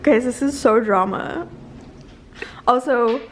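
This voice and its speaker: A woman's voice: fairly high pitch, slow pace, slight background noise, poor audio. A young adult woman chatting casually to camera in a daily vlog, often cooing at her cat. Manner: chatty, talks baby-talk to her cat. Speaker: vlogger.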